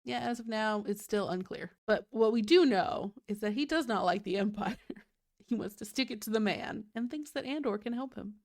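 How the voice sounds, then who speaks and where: A woman's voice: medium pitch, moderate pace, darkish tone. Chatty woman host, full of "likes". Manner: chatty, fills with "like" constantly. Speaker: podcast host. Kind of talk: casual chat recapping a show.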